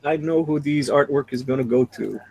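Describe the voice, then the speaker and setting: A man's voice: medium pitch, moderate pace, vocal fry, darkish tone, rough recording. A man chatting on a livestream art auction as a bidder, eagerly talking up the artwork. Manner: enthusiastic, talks up the artwork. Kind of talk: casual livestream chat.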